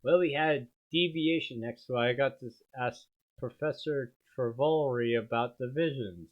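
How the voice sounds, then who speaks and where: A man's voice: mid-range voice, a little slow. A man doing a comedic dramatic reading, with sardonic asides and laughter at the text. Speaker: streamer reading aloud. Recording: dull lo-fi stream audio.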